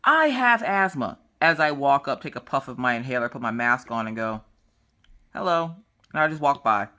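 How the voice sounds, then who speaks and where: A woman's voice: rumbling low, brisk. A woman chatting casually to camera while crafting, telling a story and acting out the people in it. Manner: animated storytelling, acts out dialogue. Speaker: vlogger.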